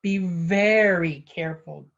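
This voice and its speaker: A woman reading a story aloud, voicing a frightened older woman who shrieks in a high, breathless voice. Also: normal speed, darkish tone, slightly rough, highs cut off. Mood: anxious. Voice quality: shrill high screams. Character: panicky older woman, a timid sister.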